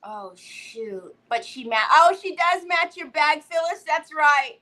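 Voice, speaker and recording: A woman's voice: high-pitched, lively intonation, slow, bright, forceful tone, low-quality recording. A woman hosting a live crafting stream, chatting casually, giggling often and greeting viewers by name. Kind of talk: casual livestream chat while crafting.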